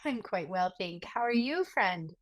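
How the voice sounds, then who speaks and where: A woman's voice: mid-range voice, animated, moderate pace. A woman co-hosting a podcast, introducing and encouraging her guest in an easy conversational manner. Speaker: podcast co-host. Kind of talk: conversational interview.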